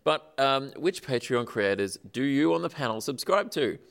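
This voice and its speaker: A man hosting a comedy panel, with a smooth, clear voice. He fills his sentences with ums as he reads out the week's question and a list of supporters. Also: medium pitch, expressive, moderate pace, a bit bright. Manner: hesitant, lots of ums, reads out names. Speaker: host.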